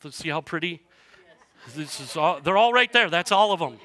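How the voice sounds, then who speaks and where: A man preaching a sermon as pastor to his church, passionate and swinging from hushed to loud. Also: high-pitched, animated, normal speed, no room sound. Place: church sanctuary.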